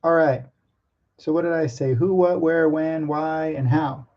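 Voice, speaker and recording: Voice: mid-range voice, steady tone, a little slow, dull audio. An artist talking casually to camera about drawing, hesitant and nervous, with many ums and restarts and some self-mocking asides.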